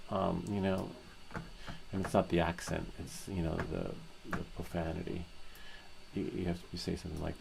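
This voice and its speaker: A man's voice: sits low, level tone, moderate pace, gravelly, noisy background. A man hosting a live stream, chatting casually and rambling, laughing easily.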